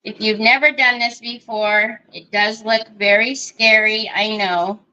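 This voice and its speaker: A woman's voice: a little high, steady tone, a little slow, pushed and bright, highs cut off. A woman hosting a live crafting demonstration, chatting and thinking aloud as she works and greeting viewers by name. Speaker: craft livestream host.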